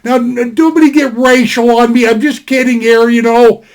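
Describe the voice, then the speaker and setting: Speaking at a moderate pace with an extremely high, steady voice, an older man does a laid-back knife review from his indoor desk over a webcam. His talk is rambling and homespun, full of repetition and words spelled out letter by letter.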